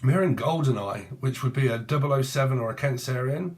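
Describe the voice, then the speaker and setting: A man's voice: medium pitch, lively intonation, fairly quick, a little mellow. A man giving a rambling tarot reading, free-associating between word plays and names in a casual, slangy way. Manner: casual, swears and uses slang. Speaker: tarot reader.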